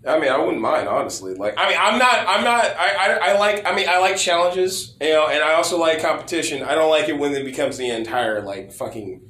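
A man in casual chat, rambling with many stammered restarts and a lot of swearing, his voice going hoarse. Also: on the high side, expressive, fairly quick, hardly any pauses, bright, forceful tone. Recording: roomy echo.

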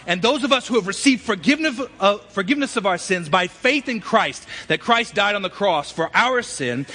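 Bright-voiced preacher man. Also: high-pitched, slightly rough. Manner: emphatic preacher, swings from loud to quiet. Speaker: pastor. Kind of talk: sermon. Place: church sanctuary.

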